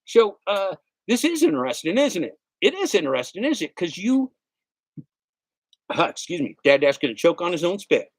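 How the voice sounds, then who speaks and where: A middle-aged man who streams as a gig delivery driver rants during a casual livestream, emphatic and sarcastic, hammering the same points repeatedly. His voice is high and sing-song at a normal speed, and the recording is dry.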